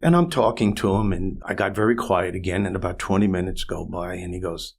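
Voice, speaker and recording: A man in his sixties, a comedian and motivational speaker, telling a story as a guest in a podcast interview, animated and building to louder, faster peaks. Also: deep voice, creaky.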